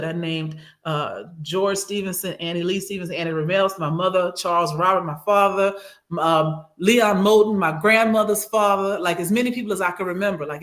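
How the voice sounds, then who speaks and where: A woman recounting a personal trip in casual podcast chat, animated and acting out what others said, on a studio microphone. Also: lowish voice. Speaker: regular co-host and guest.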